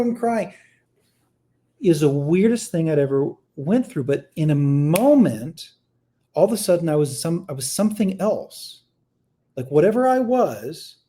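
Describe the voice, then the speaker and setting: Here the same sort of rambling personal story comes from a man in his thirties with a fairly high pitch. He chats casually, restarting often and filling gaps with fillers, shifting between subdued and lively moments.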